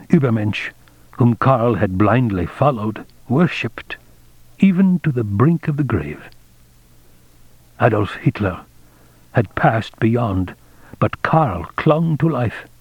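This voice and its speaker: A man narrating a novel in a measured, dramatic reading. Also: fairly low pitch, husky, no room sound. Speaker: audiobook narrator. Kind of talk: scripted narration. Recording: dull, dry lo-fi audiobook recording.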